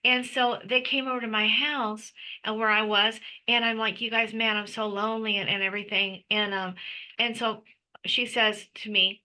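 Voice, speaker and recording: A woman's voice: on the high side, little pitch movement, moderate pace, sharp tone, low-quality recording. A middle-aged woman giving an emotional personal testimony as an interview guest, talking intensely with frequent restarts and stammers.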